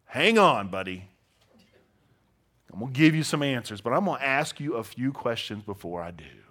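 A man voicing God speaking to a questioner in a gruff, teasing, firm way. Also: medium pitch, big pitch swings, normal speed, a bit bright. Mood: wry. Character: wry, commanding divine voice, male.

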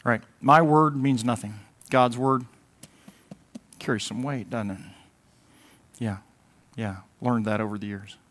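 A pastor preaching a sermon in a conversational way, moving between loud emphatic bursts and quiet asides, now and then mimicking whiny voices for a laugh. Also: male voice, medium pitch, steady tone, measured pace, long pauses. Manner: mimics whining voices in a comic way.

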